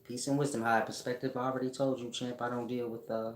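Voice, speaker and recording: A middle-aged man chats casually on a livestream, answering viewers as a spiritual teacher. His talk is loose and full of slang, and he keeps breaking into laughter. His voice is mid-pitched and echoes around the room. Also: flat delivery, fast.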